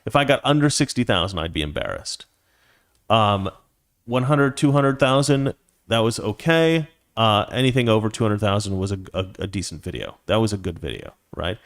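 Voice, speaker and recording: Indignant man ranting on his show. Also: on the low side. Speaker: commentary show host. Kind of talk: political commentary monologue.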